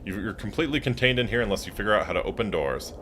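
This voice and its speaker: A man with a lowish, fairly bright voice streams a game, talking in an animated, rapid-fire way. He jokes around playfully and reads the game's narration aloud, and there's a little hiss or hum in the audio.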